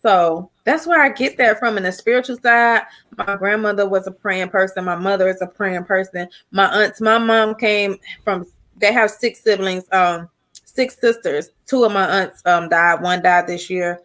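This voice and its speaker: A woman guest on a casual livestream talk show, an animated storyteller. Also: medium pitch, moderate pace. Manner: animated storyteller, mimics family voices. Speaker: guest YouTuber.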